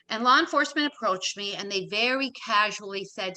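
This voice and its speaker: A woman's voice: medium pitch, moderate pace, few pauses, sharp tone. A middle-aged woman, an interview guest, telling an emotional personal story and acting out the dialogue with emphatic repetition. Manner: retells events with quoted dialogue and emphatic repetition.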